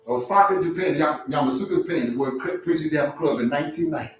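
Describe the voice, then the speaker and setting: A man hosting a relationship talk, giving blunt, preachy advice to an audience in an animated, streetwise way, laughing at his own points. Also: fairly high pitch, quick pace, heavy reverb, distant mic, a little hiss or hum, low-quality recording.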